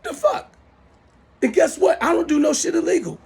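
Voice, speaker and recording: A man's voice: extremely high pitch, lively intonation, fast, gravelly, a little mellow. A middle-aged man delivering a heated, profane, repetitive rant into his smartphone as the host of his own show. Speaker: self-styled show host. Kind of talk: angry rant to camera.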